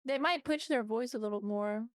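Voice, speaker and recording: A woman chatting casually on a reaction stream, her voice pitched up a little by a voice modifier. The sound is dry and close. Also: normal speed, no echo. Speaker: VTuber co-host.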